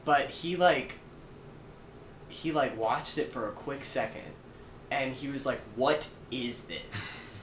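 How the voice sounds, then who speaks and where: A man's voice: medium pitch, unhurried, long pauses, fairly bright tone. A young man, a podcast guest, chatting casually and rambling with many ums and likes. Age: young adult. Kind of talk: casual chat. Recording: echoey room with clear hiss.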